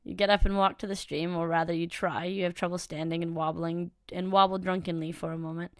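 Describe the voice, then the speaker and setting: A woman's voice: fairly low pitch, level tone, brisk, no echo, clean studio sound. Young woman casually reading a game aloud. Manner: casual, wry asides. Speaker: let's-play host. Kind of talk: reading a visual novel aloud with commentary.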